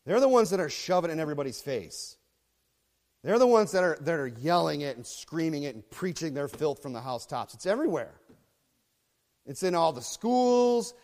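A man preaching a sermon as pastor, swinging between low muttering and loud shouting. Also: big pitch swings, normal speed, long pauses, in a large hall.

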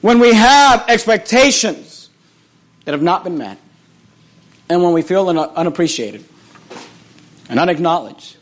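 High-voiced animated male preacher. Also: unhurried, pauses often. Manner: animated, repeats phrases, swings from loud to hushed. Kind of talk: sermon.

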